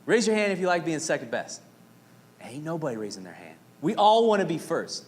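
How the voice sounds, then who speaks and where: A man in his thirties from Arizona, preaching a sermon as pastor with animated, dramatic storytelling and playful asides. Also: on the high side, a little fast. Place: church sanctuary. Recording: reverberant hall with faint noise.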